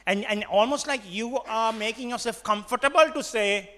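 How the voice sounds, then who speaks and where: A man with a Sri Lankan accent delivers a sermon in a notably high voice for a man. He presses his points hard and repeats them, slipping into Sinhala now and then. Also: expressive, normal speed, few pauses, bright, forceful tone, soft background music. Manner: emphatic and repetitive, switching between English and Sinhala. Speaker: preacher.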